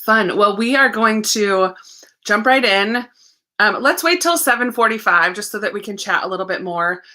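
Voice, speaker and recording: Bright, chatty woman hosting a livestream. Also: mid-range voice, lively intonation, normal speed. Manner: chatty, reads viewer comments aloud, laughs often. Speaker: livestream host. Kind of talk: casual livestream chat.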